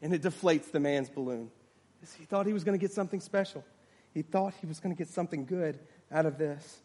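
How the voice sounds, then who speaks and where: A man's voice: a little high, fairly quick, dark tone, husky. A man preaching a sermon, retelling a story dramatically and acting out the voices of its people.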